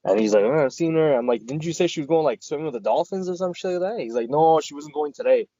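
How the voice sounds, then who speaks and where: A man's voice: on the high side, lively intonation, fast, dark tone, no echo, lo-fi sound. A man co-hosting a podcast, telling a rambling, profane story in casual chat and quoting his friends. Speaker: podcast co-host.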